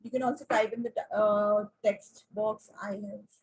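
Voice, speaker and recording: A woman teaching an online class, often asking the class questions and pausing with fillers. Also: medium pitch, fairly even intonation, a little mellow, rough recording.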